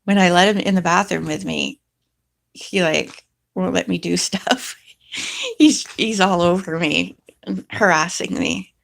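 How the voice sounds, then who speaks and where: Gravelly-voiced woman chatting casually. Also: animated, measured pace, long pauses. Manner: rambling, chatty, talks to her cat in a high voice. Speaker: vlogger. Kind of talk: casual chat to camera with her cat.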